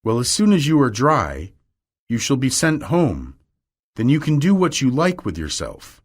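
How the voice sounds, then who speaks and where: Man reading as an earnest male painter, urgent, raised pitch, slow. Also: big pitch swings.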